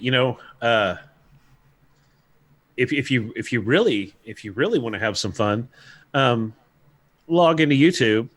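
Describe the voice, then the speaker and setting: A man co-hosting a casual podcast chat, relaxed and chuckling, often restarting his sentences. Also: mid-range voice, no echo. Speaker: podcast co-host.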